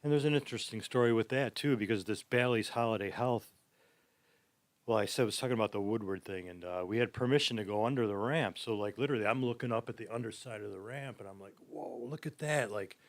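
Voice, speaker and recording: A man's voice: fairly low pitch, no room sound. A middle-aged man, a skatepark ramp builder, telling long rambling stories in a casual podcast chat and agreeing often. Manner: rambling storyteller, quick to agree.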